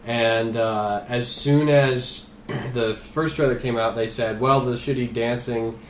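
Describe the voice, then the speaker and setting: A man in casual podcast chat, talking animatedly with loose swearing and laughs breaking into his sentences. His voice sits at an ordinary pitch and carries a roomy echo, with faint noise behind it. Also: steady tone, slow. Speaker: podcast co-host.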